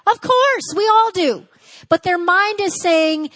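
Lively woman teaching at church. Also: sits high, a little slow. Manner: lively, acts out little dialogues, checks in with "all right?". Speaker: church speaker. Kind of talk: teaching sermon. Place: church service.

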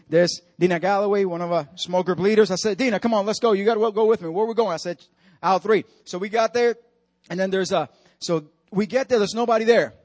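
A man preaching and telling a story in an animated way, acting out what was said and dropping to a hush for the serious parts. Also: a little high, no echo. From Dominican Republic. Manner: animated, acts out quotes with dramatic drops to a hush. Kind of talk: sermon storytelling.

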